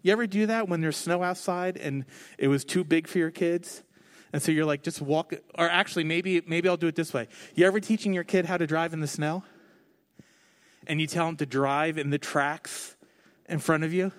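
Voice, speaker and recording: A man's voice: on the high side, steady tone, moderate pace. A man in his thirties, a pastor giving a conversational sermon, joking at himself and acting out quoted lines. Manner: conversational, self-mocking, acts out quoted voices.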